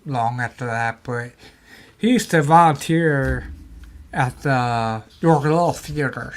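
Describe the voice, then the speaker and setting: A man, a guest on a talk show, telling paranormal stories in casual chat, animated and acting out quotes. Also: mid-range voice, slow pace. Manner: animated storyteller, acts out quotes.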